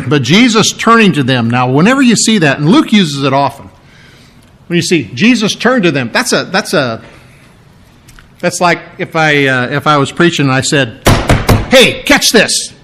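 A man preaching a sermon, acting out quotes with big swings in loudness and pitch, with frequent restarts and throat clearing. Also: lively intonation, moderate pace.

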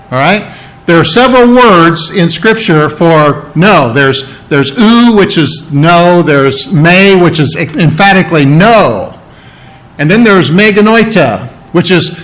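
A man's voice: sits high, animated, slow, a bit bright, poor audio. A man preaching a sermon in a teaching, conversational way, checking in with his listeners and often restarting his phrases. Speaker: pastor.

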